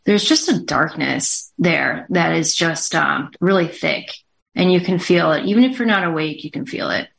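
Female guest, slightly low voice, halting delivery with frequent fillers. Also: creaky, fairly bright tone. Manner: hesitant, full of fillers. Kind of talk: talk show conversation.

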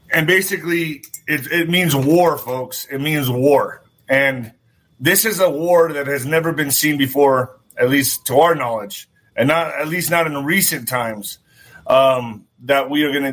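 A show host speaks directly to his viewers in a loose, rambling commentary monologue, repeating phrases as he circles back to his points and swearing now and then. His voice is slightly high, with a bright, forward ring.

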